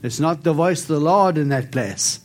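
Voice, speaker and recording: A man's voice: a little high, close to an everyday voice. A man putting on an English accent to play a blunt, fatherly English prophet who drawls and calls people lad. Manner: slow, drawn-out, calling people lad.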